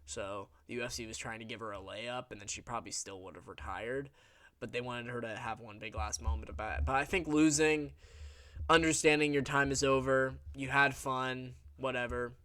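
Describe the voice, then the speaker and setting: A man's voice: mid-range voice, steady tone, moderate pace, pushed and bright, dry recording. Young male recap host, casual and blunt, mid-range voice, dry close sound. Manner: rambling, blunt, with crude jokes. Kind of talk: casual commentary.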